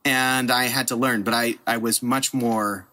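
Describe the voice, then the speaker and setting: A middle-aged American man appears as a podcast guest, telling an animated, self-deprecating story and laughing at himself. His mid-range voice moves a little slowly.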